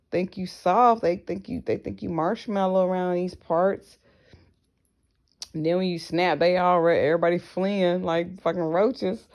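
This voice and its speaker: A woman's voice: fairly low pitch, darkish tone. A woman talking frankly to her viewers in a casual vlog, blunt and profane, with slangy asides. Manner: acts out other people's voices in her stories. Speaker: vlogger. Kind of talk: casual personal vlog monologue.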